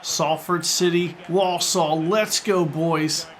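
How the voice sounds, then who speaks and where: A man commentating on his own football video game like a jokey sportscaster, getting loud and excited during attacks and saves. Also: fairly high pitch, slow. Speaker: gaming YouTuber. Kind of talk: let's-play commentary.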